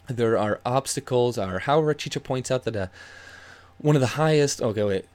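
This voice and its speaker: A man's voice: lowish voice, a little mellow. A man ranting angrily and sarcastically with heavy swearing while reading out and reacting to a news article. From Canada. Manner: angry, profane, sarcastic ranting. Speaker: YouTube commentator.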